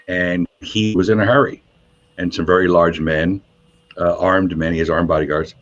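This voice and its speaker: A man, a radio DJ and guest, telling animated stories in a casual interview and jumping up in pitch when he quotes people. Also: moderate pace. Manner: animated storyteller, voices quotes with high pitch jumps. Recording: muffled lo-fi sound.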